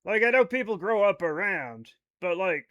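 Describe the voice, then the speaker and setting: A man's voice: high-pitched, expressive, normal speed, sharp tone. A man with a Rhode Island accent, chatting casually on a live game stream, rambling as he reads chat aloud and riffs on it.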